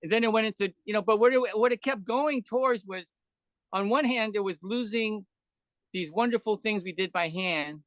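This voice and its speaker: Older male storyteller, high voice, dry close sound, loose rambling chat, acts out other voices. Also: moderate pace, fairly bright tone, dry recording. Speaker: podcast guest, veteran animator. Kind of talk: casual interview chat.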